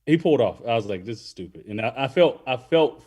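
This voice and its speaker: A man's voice: medium pitch, animated, fairly quick, darkish tone, lo-fi sound. An adult man telling a rambling, profane story in casual podcast chat. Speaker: podcast host.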